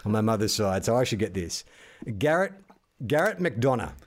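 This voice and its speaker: A man's voice: fairly low pitch, very animated, normal speed. An Australian man co-hosting a podcast, chatting casually and laughing at his own mistakes. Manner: laughing, self-mocking. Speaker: podcast co-host. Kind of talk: casual chat.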